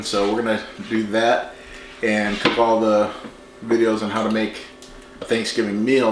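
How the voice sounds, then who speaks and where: A man hosting a home cooking show, talking through a recipe in a relaxed, chatty way as he works in his kitchen. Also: fairly low pitch, noisy background. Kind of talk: casual cooking demonstration. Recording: echoey kitchen with clattering dishes.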